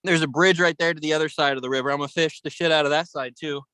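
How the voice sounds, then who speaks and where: A man's voice: fairly high pitch, steady tone, very fast, sharp tone, clear, resonant tone, no room sound, low-quality recording. A man co-hosting a podcast over a video call from his camper, talking in a profane, upbeat, rambling way. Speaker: podcast co-host. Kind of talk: casual chat. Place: camper by a river outdoors.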